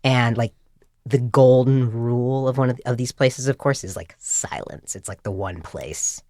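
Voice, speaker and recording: A man in casual podcast chat spinning an embarrassing anecdote, animated and self-mocking, his speech full of "like" and "right?". His voice sits at an ordinary pitch. It sounds close and dry, with no room around it. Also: measured pace, dry recording. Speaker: podcast co-host.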